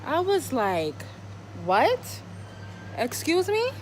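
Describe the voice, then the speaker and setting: High-voiced woman, telling a profane story. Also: drawn-out words, faint music behind. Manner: animated, profane, dramatic rhetorical questions. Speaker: vlogger telling a personal story. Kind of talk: casual storytime vlog.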